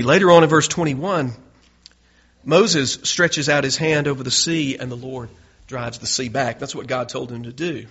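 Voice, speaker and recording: A man's voice: medium pitch, normal speed, a bit bright, husky. A male pastor preaching a sermon in an earnest way, building to emphatic peaks. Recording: dull lo-fi recording.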